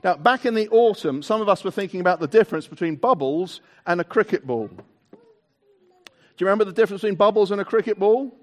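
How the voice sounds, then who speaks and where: Animated high-pitched preacher man. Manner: animated, drawn-out emphasis on key words, leads the congregation in actions. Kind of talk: all-age Christmas sermon. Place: church hall with tiered seating.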